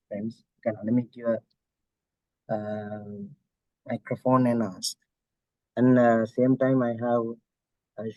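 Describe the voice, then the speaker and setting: A man's voice: fairly low pitch, dark tone, no room sound. A man closing an online webinar as host, polite and hesitant with many uhs, heard a little distant from his computer mic. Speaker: meeting host. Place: online meeting.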